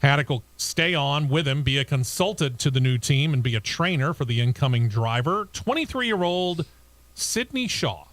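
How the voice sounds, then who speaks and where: A man with a medium-pitched voice hosts a racing talk show, moving from reading news items to easy banter with his co-hosts. The sound is dry and close, with almost no room echo. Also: lively intonation, moderate pace, a bit bright. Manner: reads news items then chats and laughs with co-hosts.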